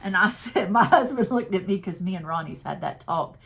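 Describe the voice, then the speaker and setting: A woman's voice: medium pitch, lively intonation, normal speed, creaky, fairly bright tone. A woman, chatting and laughing to her viewers as she shows and prices purses she resells. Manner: chatty, laughs often, talks straight to viewers. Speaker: resale seller. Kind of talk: casual sales haul vlog.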